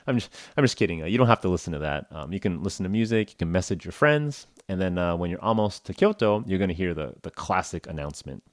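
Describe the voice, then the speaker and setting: A man's voice: low-pitched, lively intonation, fast talker, no room sound, clean studio sound. A man hosting a casual English-learning podcast, talking in a rambling, jokey way full of "like" and "uh". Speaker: podcast host.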